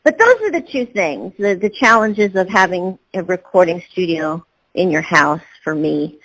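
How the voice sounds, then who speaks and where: A woman's voice: fairly low pitch, animated, normal speed, a bit bright, rough recording. A woman, a voice actor, answering interview questions in a rambling way with many fillers and restarts. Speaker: voice actor guest.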